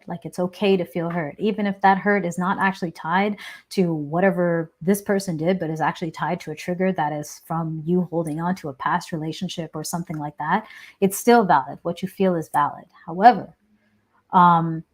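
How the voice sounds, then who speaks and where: A woman hosting a live Q&A, giving advice in a casual, frank and chatty way, often checking in with "right?". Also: on the low side. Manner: frank, expressive, explanatory. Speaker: host answering viewer questions. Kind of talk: live-stream Q&A advice talk.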